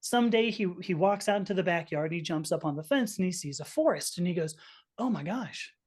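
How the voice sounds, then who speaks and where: A woman's voice: on the low side, animated, fast talker, darkish tone. A woman in her fifties, a podcast guest, telling a personal story earnestly and with feeling, often restarting her sentences. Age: 50s. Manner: earnest, emotional, frequent restarts.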